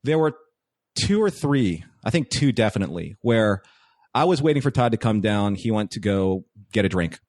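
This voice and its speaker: A man, a guest on a podcast, telling stories in casual chat with animated delivery. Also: on the low side, normal speed, no echo. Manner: animated storytelling.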